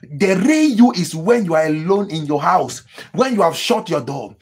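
A man preaching as a pastor, with emphatic repetitions, sudden high cries. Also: big pitch swings, moderate pace, darkish tone, husky. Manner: mimics people praying in tongues. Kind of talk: sermon.

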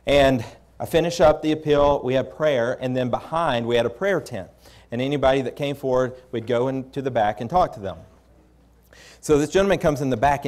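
A man's voice: mid-range voice, a little mellow. Candid male preacher telling a story. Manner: conversational and candid, with frequent restarts. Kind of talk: storytelling sermon.

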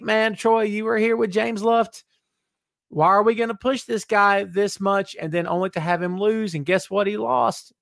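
A man's voice: sits high, creaky, fairly bright tone, no room sound, studio quality. Sarcastic, chatty man hosting a live wrestling stream. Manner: chatty, sarcastic, reads chat aloud; hums and mumbles while fiddling with settings. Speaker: wrestling podcast host. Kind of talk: live-streamed casual commentary.

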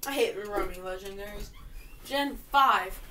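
A woman giving casual, jokey commentary while she plays a video game, with sudden loud outbursts. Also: mid-range voice, a little slow, distant mic, slight background noise. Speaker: gamer playing through a video game.

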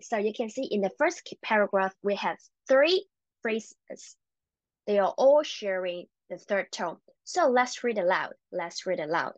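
A woman teaching a Chinese language lesson, encouraging and repeating words slowly for learners. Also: medium pitch, expressive, no room sound.

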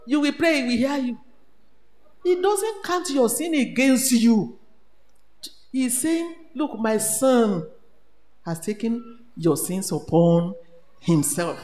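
Nigerian woman preacher, animated sermon, echoey hall, long reverb. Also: mid-range voice, measured pace. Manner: animated, switches between English, Pidgin and Yoruba. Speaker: retreat speaker.

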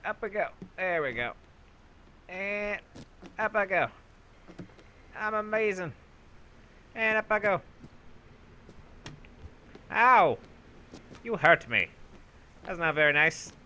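A man's voice: high-pitched, lively intonation, measured pace, long pauses, slight background noise. Goofy, boastful young man gaming. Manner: boastful, goofy, yelling for help in mock panic. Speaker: gaming YouTuber. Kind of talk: let's play commentary.

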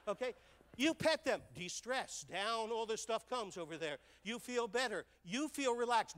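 An older man giving a stage talk, telling lively stories and checking in with the audience with "right?" and "okay?". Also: extremely high pitch, normal speed, big-room sound. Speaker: speaker. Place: large hall on stage.

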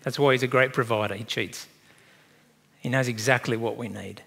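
A man preaching a sermon in a conversational, animated way, acting out little dialogues and turning emotional at times. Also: mid-range voice, normal speed, gravelly, slightly rough. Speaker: pastor. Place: church.

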